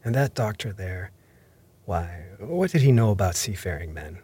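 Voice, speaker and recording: A man voicing an ailing old sea captain who pleads and curses in rough sailor talk, in an audiobook reading. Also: deep voice, lively intonation, moderate pace, dark tone, no echo. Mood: gruff. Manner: coaxing, then gruff and rough-spoken.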